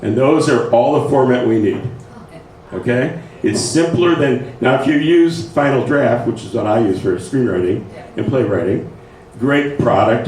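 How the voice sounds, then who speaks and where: A man's voice: medium pitch, darkish tone. Man teaching playwriting in an echoey room. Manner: conversational, checks in with listeners often. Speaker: writing workshop presenter. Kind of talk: informal lecture to a writing group. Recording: echoey room, faint noise, mic far off.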